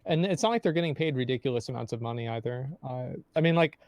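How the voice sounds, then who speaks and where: A man's voice: medium pitch, quick pace, darkish tone, dry recording. Hedging agreeable man, dry close mic. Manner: hedging, agreeable, many "I mean, like". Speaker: podcast guest. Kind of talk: casual chat.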